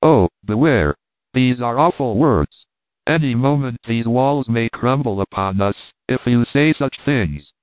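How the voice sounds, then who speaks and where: A man's voice: medium pitch, lively intonation, unhurried, no echo, close to an everyday voice. Timid young page boy, pleading, archaic speech, tinny phone-like sound, read by a man. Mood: fearful pleading. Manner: pleading, old-fashioned speech.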